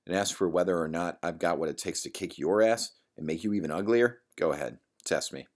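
A young man itching to throw punches, cool and cocky. A man voices him in a very low, steady register. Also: brisk, natural voice. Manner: cocky, threatening. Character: tough young man spoiling for a fight.

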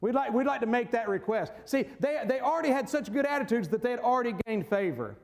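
A man preaching a sermon as pastor, animated, pausing on key words and mocking voices when he quotes. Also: extremely high pitch.

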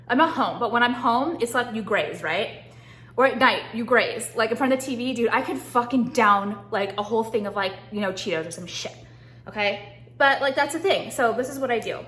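A woman's voice: on the high side, pushed and bright. A young woman vlogging from her home kitchen in a profane, rambling comedic rant, full of fillers and insults. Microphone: phone or camera set on counter, moving.

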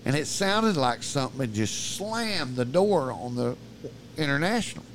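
This podcast guest speaks in a sing-song, fairly bright mid-range voice at normal speed, with a little hiss or hum in the recording. His story wanders on at length, profane and colorful, and he keeps interrupting himself mid-sentence.

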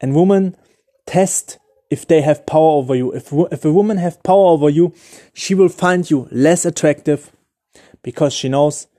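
Speaking at normal speed in a warm, slightly high voice, a non-native English speaker offers dating advice on his own casual podcast. He explains loosely, leans on "like" and "okay?", and frequently restarts while hunting for words.

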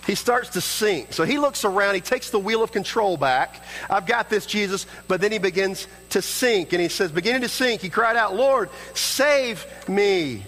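A man's voice: animated, a little fast, hardly any pauses, fairly bright tone, big-room sound, poor audio. A man preaching a sermon as pastor, earnest, acting out prayers and dialogue in his own voice. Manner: earnest, acts out prayers and dialogue in shifting pitch.

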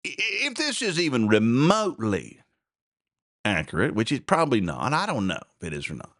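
Animated sarcastic male talk host. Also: mid-range voice, normal speed, no echo, clean studio sound. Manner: animated, sarcastic, laughing often. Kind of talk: casual political commentary.

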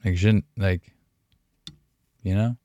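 A young man from Canada hosting a podcast, talking candidly and emotionally in halting, profane speech full of fillers and restarts, with frequent sighs. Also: sits low, steady tone, mellow, no room sound, lo-fi sound. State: emotional, sighing. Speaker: podcast host.

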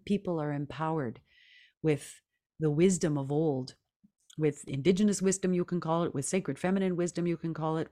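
Low-voiced woman guest, earnest. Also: a little mellow. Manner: earnest, reflective, laughs often. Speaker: podcast guest, singer. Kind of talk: casual interview talk.

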